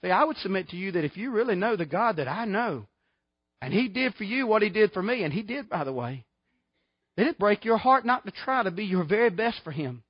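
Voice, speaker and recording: A middle-aged pastor preaches in a folksy, emphatic way, firing off rhetorical questions in a sing-song voice that sits a bit high for a man, at a slightly fast pace. The recording sounds dull, muffled, dry, and close, with no room sound.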